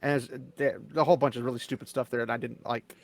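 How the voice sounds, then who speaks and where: A man's voice: medium pitch, steady tone, fast talker. A man on a panel telling stories in casual chat, rambling and emphatic.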